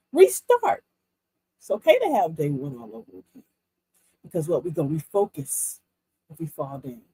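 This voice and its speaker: Husky, animated older woman hosting a stream. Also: medium pitch, no echo. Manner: animated storyteller, laughs often; slow, emphatic reading of affirmations. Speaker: livestream host. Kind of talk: casual motivational livestream talk.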